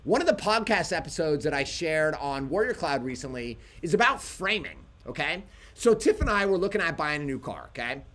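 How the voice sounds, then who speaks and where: A man co-hosting a home livestream, telling a story in a casual, animated way. His voice sits high and swings widely in pitch as he acts out what he and others said. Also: a little fast. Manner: animated storytelling, quotes himself. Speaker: livestream co-host.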